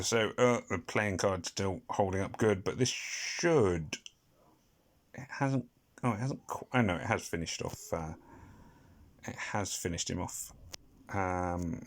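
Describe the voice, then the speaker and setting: Low-voiced rambling British gaming commentator. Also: male voice. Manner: rambling, self-deprecating, with hums and sound effects. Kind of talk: casual game commentary.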